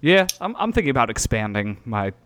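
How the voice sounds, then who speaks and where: Lively casual male podcast co-host. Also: mid-range voice, brisk. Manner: animated, filler-heavy, knife enthusiast talk. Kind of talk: casual chat. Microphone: remote call mic.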